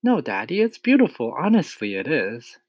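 Man doing sweet little girl, high pleading voice, polite, earnest, storybook. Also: wildly swooping pitch, moderate pace, dry recording.

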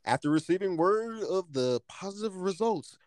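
A man's voice: sits high, lively intonation, moderate pace, no echo, pitched above the performer's own voice. A man doing a mock formal TV news reporter voice, stiff announcer cadence, stumbling over acronyms.

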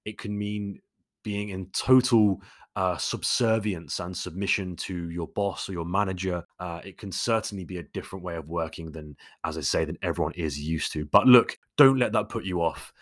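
Low-voiced man answering questions. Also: normal speed, no echo, clean studio sound. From London. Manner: conversational, many fillers and restarts. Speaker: YouTube host answering viewer questions. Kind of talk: casual Q&A monologue.

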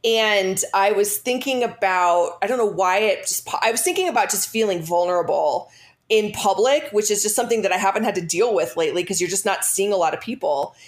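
A woman's voice: medium pitch, fairly quick. A woman in her thirties telling a personal story in casual chat, rambling with many fillers and restarts.

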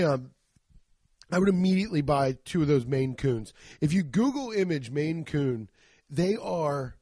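A man's voice: on the high side, mellow, no echo, clean studio sound. Rambling, profane young man podcaster. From Cincinnati area, Ohio. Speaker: podcast host. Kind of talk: casual comedic podcast monologue.

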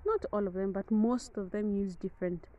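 A woman's voice: medium pitch, normal speed, warm tone, poor audio. A woman with a Kenyan accent, hosting a podcast outdoors in a rambling, chatty way that keeps correcting itself. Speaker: podcast host. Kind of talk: casual podcast monologue. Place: outdoors in the wind. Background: wind noise.

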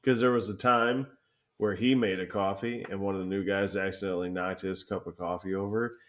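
A man's voice: low voice, fairly even intonation, fairly quick, a bit bright. A young man telling a rambling, profanity-filled story in casual chat as a podcast co-host.

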